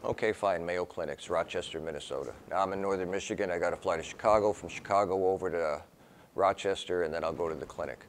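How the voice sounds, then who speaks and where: A man's voice: low voice, fast talker, a little hiss or hum. A man in his sixties, a professor telling a personal story to his class in a conversational, wry way, acting out the dialogue as he goes.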